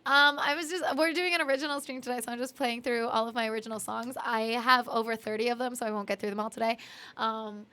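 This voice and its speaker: Talking fast in a high voice with a steady yet sharp tone, a young Canadian streamer and singer-songwriter chats casually with her live-stream viewers. She giggles, apologizes, and fills her speech with fillers.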